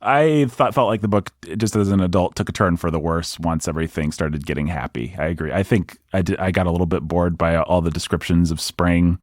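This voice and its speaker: A man hosting a book podcast in casual chat, often laughing and breaking into animated asides. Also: sits low, a little fast, hardly any pauses, no echo, studio quality. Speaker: podcast host.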